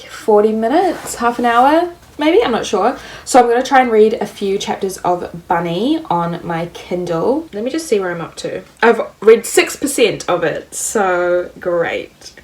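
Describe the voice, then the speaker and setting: A young woman in her twenties with a New Zealand accent, chatting casually about books and filling her talk with "like". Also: medium pitch. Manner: chatty, lots of "like" fillers. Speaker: book vlogger. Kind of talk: casual chat.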